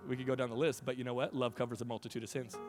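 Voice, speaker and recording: A pastor in his thirties preaching a sermon, telling family stories with a voice that carries and acting out quotes. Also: medium pitch. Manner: storytelling with laughs, animated quotes. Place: church sanctuary.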